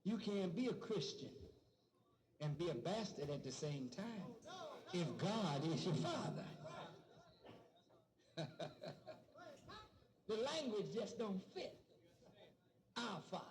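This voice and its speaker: Preaching man, shouted high passages. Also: big pitch swings. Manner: preaching, rising to shouts, drawn-out quotations. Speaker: minister. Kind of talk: sermon to a live audience. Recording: noisy old speech recording.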